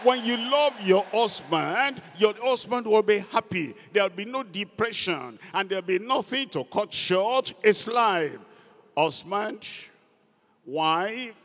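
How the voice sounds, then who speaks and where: A man's voice: high voice, lively intonation, slow pace, a bit bright. A man preaching a sermon as pastor, emphatic and repeating key words for stress. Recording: long hall reverb.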